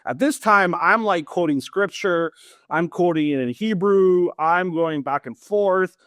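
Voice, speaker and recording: Man, thirties, podcast guest, lively storytelling, higher voice, dry close sound. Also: a little slow, no echo. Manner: animated, laughs often, acts out dialogue. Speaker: interview guest. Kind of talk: casual storytelling.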